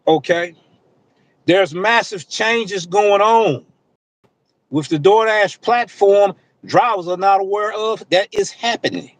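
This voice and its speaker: A man's voice: high voice, slow pace, dry recording, rough recording. Impassioned man lecturing his viewers. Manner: impassioned, preachy, talks straight at the audience; slang-heavy casual speech. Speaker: delivery driver. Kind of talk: livestream commentary to viewers.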